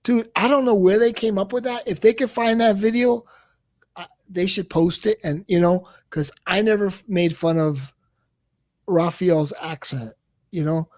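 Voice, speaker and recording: A man with a high-pitched, slightly mellow voice talks at a normal speed, recorded cleanly in a studio with no room sound. He's chatting casually on a late-night live stream, rambling and exasperated, often stammering, repeating his words, and saying "come on, man" again and again.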